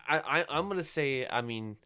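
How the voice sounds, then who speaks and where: A man's voice: medium pitch, animated, a little fast, pushed and bright, clean tone. A man co-hosting a podcast in casual chat, hesitant and laid-back. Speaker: podcast co-host.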